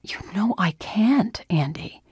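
A woman voicing a stern, weary father in an audiobook, speaking low and clipped. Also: expressive, slow pace, darkish tone, husky, no echo, studio quality, heavily acted.

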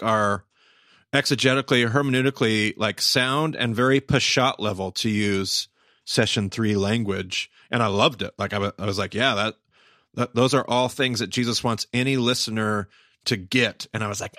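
A man co-hosting a podcast in casual chat, animated and quick to exclaim. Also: fairly low pitch, no room sound, studio quality. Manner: animated, exclaims, quotes himself. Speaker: podcast co-host and teacher.

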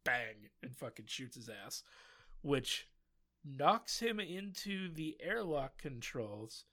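A man's voice: fairly high pitch, very animated, slow, bright, forceful tone. A man recapping a show episode in casual chat, rambling with lots of fillers and laughs. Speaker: podcast co-host recapping a show.

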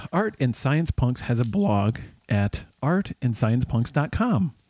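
Guy cohosting a podcast, mellow voice, lots of uh and um, dry sound. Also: mid-range voice, very animated, slow, dry recording. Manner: hesitant, many fillers and restarts. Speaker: podcast co-host. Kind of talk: casual podcast chat.

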